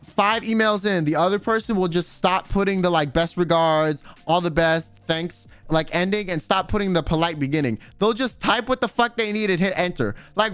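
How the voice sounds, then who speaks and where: A man's voice: high-pitched, normal speed, fairly bright tone, smooth, no echo, soft background music. A man streaming in a casual chat, rambling and swearing freely, full of filler words. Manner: rambling, profane, full of "like" and "you know".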